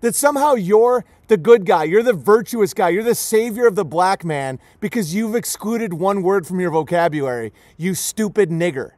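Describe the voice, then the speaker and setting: A man's voice: high voice, expressive, normal speed, few pauses, darkish tone, no echo. A man hosting a livestream, delivering a profane, sarcastic, mocking rant. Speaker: livestream host. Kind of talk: profane ranting monologue.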